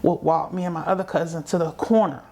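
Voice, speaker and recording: A woman's voice: lowish voice, steady tone, fast, dark tone. A middle-aged woman from South Carolina, a guest telling her story in a conversational way, acting out the voices she remembers. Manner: vivid, acts out remembered voices.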